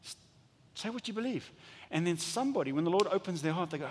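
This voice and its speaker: A man preaching a sermon as pastor, animated and acting out little dialogues, often stumbling and restarting his words. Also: high-pitched, quick pace, slight background noise. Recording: long hall reverb.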